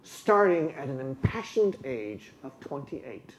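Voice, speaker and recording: A man with a voice of ordinary pitch delivers a scripted lesson in a dry, tongue-in-cheek way. The room adds a noticeable echo, and faint noise sits in the background. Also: big pitch swings, slow. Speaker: presenter explaining poetry. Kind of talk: scripted educational narration.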